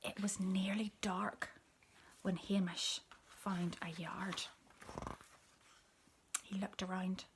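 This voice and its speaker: A woman reading a picture book aloud, telling the story softly, often in a whisper, and pointing out the pictures. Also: mid-range voice, flat delivery, takes it slowly, long pauses, background noise. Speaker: storybook reader.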